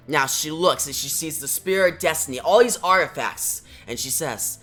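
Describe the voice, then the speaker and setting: A man's voice: fairly high pitch, lively intonation, normal speed, hardly any pauses, pushed and bright, soft background music. A man reviewing a comic issue, retelling it in a plain play-by-play.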